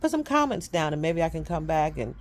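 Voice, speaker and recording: A woman's voice: low voice, big pitch swings, a little fast. Rambling chatty woman author. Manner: rambling, repeats herself, chatty and candid. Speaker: self-published author vlogging. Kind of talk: casual chat to camera.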